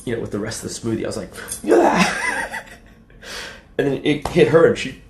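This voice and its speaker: A young adult man streaming casually to his chat, profane and rambling, laughing often and acting out quotes in a high mocking voice. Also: quick pace, roomy sound, noisy background. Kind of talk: casual livestream talk to chat.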